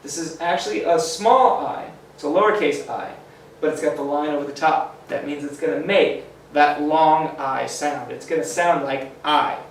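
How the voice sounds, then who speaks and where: Male teacher for a kids' phonics lesson, slow and encouraging, a bit high, echoey room. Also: a little hiss or hum. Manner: slow, encouraging, sounds out letters. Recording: echoey room, mic at a distance.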